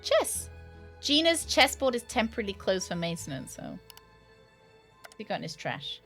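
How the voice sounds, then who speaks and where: A woman streamer thinks aloud through a puzzle game at a middling pitch. She trips over her words and swears offhand. Soft game music plays behind her. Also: big pitch swings, normal speed. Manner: thinks aloud, repeats herself, swears casually. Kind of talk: casual live-stream commentary.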